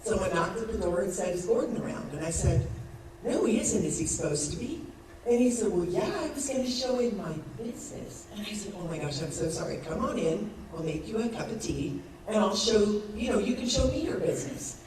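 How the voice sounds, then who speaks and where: A woman in her sixties, a network marketing speaker, gives a motivational talk on stage in a large event hall, telling a lively story, acting out its people, and laughing often. Her voice is medium-pitched and a little fast. The recording is echoey, with a distant mic and crowd noise.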